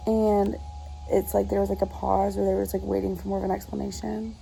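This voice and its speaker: A woman reviewing a book she's reading talks briskly in a mid-range, creaky, mellow voice with flat delivery. She's exasperated and rambling, saying "like" constantly, over faint background music in a low-quality recording.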